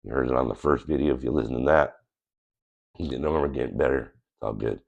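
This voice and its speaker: Very deep gravelly man, nasal from a cold. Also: brisk, lo-fi sound. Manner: earnest, plain-spoken, rambling with restarts. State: recovering from a cold. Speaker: channel host. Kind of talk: casual personal testimony to camera.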